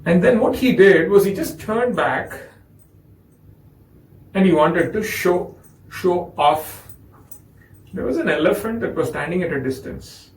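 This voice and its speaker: A man's voice: high voice, unhurried, pauses often, echoey room, far from the mic, poor audio. A man with an Indian English accent telling a spiritual story in a discourse, acting out the voices of its characters. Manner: animated storytelling with acted quotes. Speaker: spiritual speaker.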